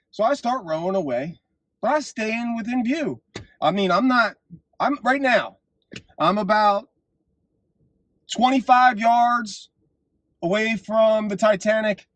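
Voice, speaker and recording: A man hosting his own vlog, delivering an impassioned political monologue and telling stories, his voice swinging up to shouts at the climaxes. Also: high-pitched, dry recording. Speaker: vlog host.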